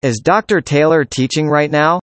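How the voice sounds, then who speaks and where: Speaker doing practice conversation lines, plain even delivery, dry close sound. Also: medium pitch, normal speed, no echo. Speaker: dialogue reader.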